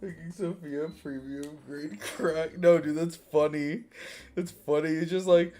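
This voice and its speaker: A woman's voice: sits low, steady tone, measured pace, warm tone. A young woman streamer casually reading her own fanfiction aloud, often breaking into giggles.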